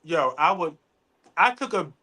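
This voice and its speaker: A man chatting casually as a podcast co-host, telling animated stories full of cursing. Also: a little high, unhurried. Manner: animated storytelling, heavy cursing. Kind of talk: casual chat.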